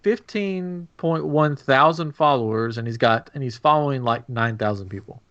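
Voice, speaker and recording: Man co-host, casual storyteller, mid pitch, slightly muffled stream sound. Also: moderate pace, fairly bright tone. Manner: chatty storyteller, laughs often. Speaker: podcast co-host. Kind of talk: casual chat.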